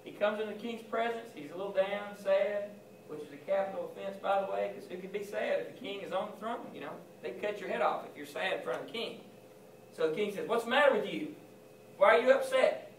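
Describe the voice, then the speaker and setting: A man's voice: high voice, a little fast, slight background noise. A man giving an informal chapel sermon to school students, talking conversationally and acting out Bible scenes in quoted voices. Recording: echoey chapel from far off.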